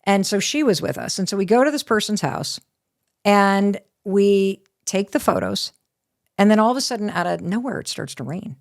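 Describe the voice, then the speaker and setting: A middle-aged woman with a gravelly edge to her voice tells a story as a podcast guest. She is lively and candid, swears freely, and keeps an everyday middle pitch. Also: moderate pace. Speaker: guest author. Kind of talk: animated storytelling in a podcast interview.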